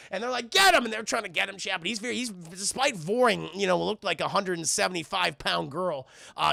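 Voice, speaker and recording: A man streaming a film review, recapping scenes to his live chat and acting out characters in shouted voices. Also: high voice, vocal fry, no echo, studio quality.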